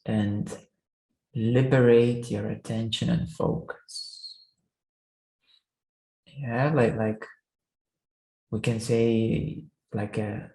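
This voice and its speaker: A man giving a spiritual teaching talk as a meditation teacher, speaking haltingly with many restarts and fillers. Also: lowish voice, gravelly, a little mellow, echoey room, poor audio. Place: room.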